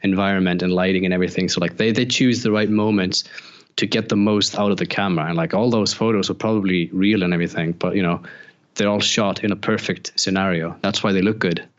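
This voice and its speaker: A man from Iceland answers as a guest in a relaxed chat, speaking easily in a low voice. His audio is dull and lo-fi, as if it came over a call. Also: fast. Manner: relaxed, easygoing, with short agreeing replies. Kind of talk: casual conversational interview.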